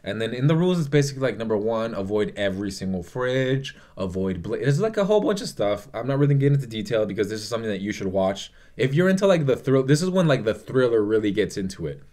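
A man's voice: medium pitch, very animated, fast talker, few pauses, a little mellow. A young man vlogging a casual, emotional movie review, swearing often and rambling with fillers.

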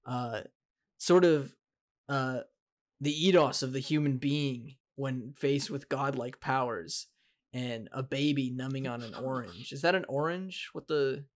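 A young man in his twenties co-hosting a podcast, chatting casually, teasing his friends and swearing freely. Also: medium pitch. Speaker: podcast co-host. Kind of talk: casual chat.

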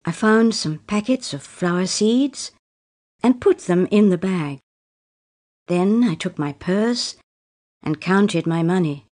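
A woman's voice: fairly low pitch, takes it slowly, a little mellow. A woman reading a short story aloud in plain, simple sentences for English learners. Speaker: story reader.

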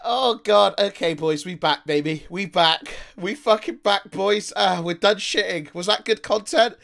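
A man's voice: sits high, unhurried, gravelly, fairly bright tone. A male streamer back on his live stream, talking to his chat in a boisterous, crude way. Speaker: streamer, channel host.

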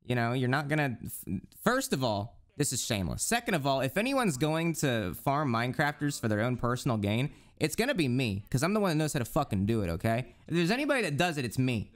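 A young man streaming live, chatting casually in profane, joking rants and now and then mimicking others in high squeaky voices. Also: very animated, brisk.

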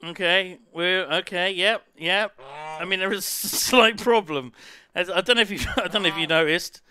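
A man hosting a live gaming stream, excitable and laughing, swearing freely as he chats. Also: high-pitched, normal speed. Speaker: streamer host.

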